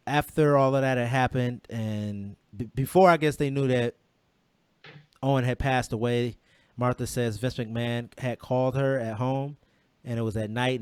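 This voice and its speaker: A man's voice: mid-range voice, darkish tone, clear, resonant tone, no room sound. A man co-hosting a podcast, retelling a story in casual chat with many quoted exchanges and restarts. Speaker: podcast co-host.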